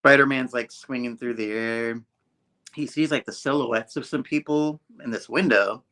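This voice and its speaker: Man, comic review chat, conversational, acts out lines now and then, mid-pitched. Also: fairly even intonation, moderate pace, pushed and bright. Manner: retells scenes, voicing characters in bursts.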